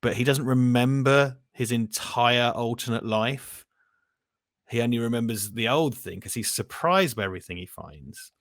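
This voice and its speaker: A man's voice: mid-range voice, normal speed, no echo, clean studio sound. A man co-hosting a casual film review chat, thinking aloud in loose, rambling sentences and swearing casually. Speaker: podcast co-host.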